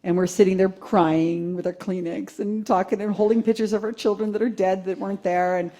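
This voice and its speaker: A woman giving a live talk to a seated audience, telling a story in an animated way, laughing and acting out quotes. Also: mid-range voice, brisk. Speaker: conference speaker.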